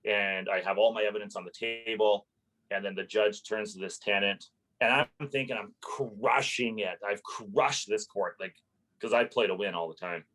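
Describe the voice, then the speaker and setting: A man, a landlord and podcast guest, telling a story in a casual interview, animated and swearing freely as he relives his anger. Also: lowish voice, moderate pace, low-quality recording.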